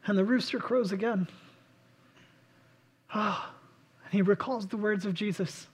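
A man preaching a sermon, swinging between loud impassioned outbursts and hushed, intimate reflection. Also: high voice, unhurried, pauses often, breathy edge. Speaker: pastor.

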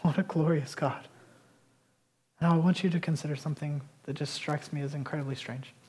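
A man preaching a passionate sermon, swinging between loud emphasis and quiet intensity. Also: on the high side, steady tone, a little fast, husky. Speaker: pastor.

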